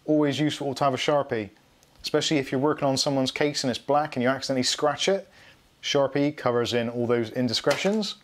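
A man's voice: medium pitch, fast talker. A middle-aged man hosting a live tech stream, rambling and self-mocking as he goes through his tools. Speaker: tech channel host. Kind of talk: casual live unboxing chat.

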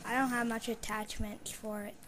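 Gamer woman doing live play-by-play: higher voice on a flat line, mutters under her breath and then bursts out loud. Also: normal speed, background noise. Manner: mostly muttered low, with sudden loud exclamations. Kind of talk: live gameplay commentary.

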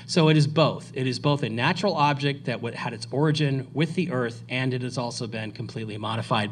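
A man's voice: mid-range voice, a little hiss or hum. Rambling man giving a conference talk. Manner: rambling, animated, self-correcting. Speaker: speaker at a conference. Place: lecture hall.

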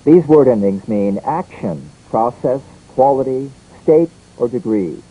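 Lively husky man reading a pronunciation drill. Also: medium pitch, unhurried, poor audio. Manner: lively, repeats each word and line twice. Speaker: English pronunciation teacher.

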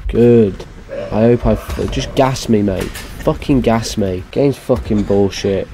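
Slow, mellow gamer swearing in frustration. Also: male voice, lowish voice, slight background noise. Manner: frustrated, swearing, muttering at the game. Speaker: gamer streaming a horror game. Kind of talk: let's-play commentary.

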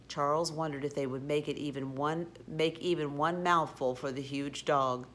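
A woman reading a children's storybook aloud, expressive with occasional slips and restarts. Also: deep voice, normal speed, hardly any pauses. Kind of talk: storybook read-aloud narration.

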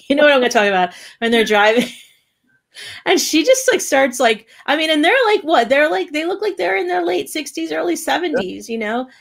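Higher-pitched giggly woman podcaster. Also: fairly quick, gravelly. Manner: animated, giggly, filler-heavy. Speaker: podcast co-host. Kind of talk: casual chat.

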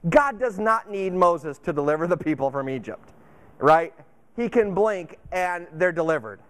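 A man with a notably high voice delivers a casual sermon from the pulpit. He talks informally, repeating short phrases to drive a point home. He keeps posing questions and then answering them himself. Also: big pitch swings, normal speed, fairly bright tone. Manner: asks and answers his own questions. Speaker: pastor. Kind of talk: conversational sermon.

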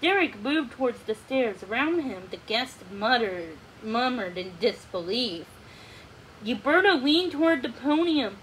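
Slow, high-voiced woman reading a storybook. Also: expressive, slight background noise, poor audio. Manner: slow, careful reading with small restarts. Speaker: storybook reader. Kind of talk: children's read-along narration.

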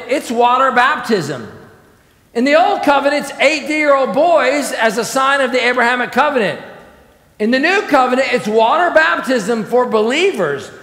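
Animated preaching man in an echoing church. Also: very high voice. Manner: emphatic preaching with questions to the congregation and trailing soft endings. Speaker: pastor. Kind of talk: expository sermon. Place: church sanctuary. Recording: echoey church hall.

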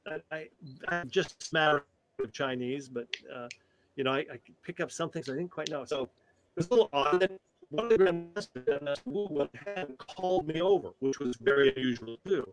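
A man in his sixties, a tai chi teacher and interview guest, telling a story in an animated, halting way with frequent restarts. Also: fairly high pitch, background noise.

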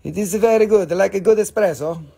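A man hosting a casual live-stream sale, excitable and joking with viewers, swearing freely. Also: sits high, a little fast, gravelly, husky. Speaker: live-stream mineral seller.

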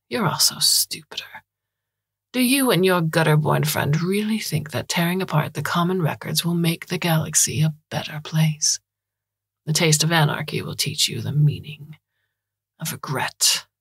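A woman voicing a sneering male hacker who poses as the narrator's father, speaking in a hushed, breathy whisper. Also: low-pitched, sing-song, normal speed, no room sound, studio quality, full character voice.

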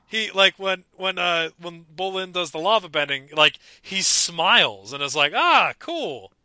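A man's voice: sits high, moderate pace, clean tone, no room sound. A young man co-hosting a podcast, chatting casually and enthusiastically about a cartoon episode. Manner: enthusiastic, animated fan talk. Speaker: podcast co-host. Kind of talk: casual chat.

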